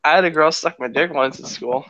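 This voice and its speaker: A man's voice: on the high side, fairly quick, bright, forceful tone, lo-fi sound. A man chatting casually in an online voice chat, hesitant and full of fillers.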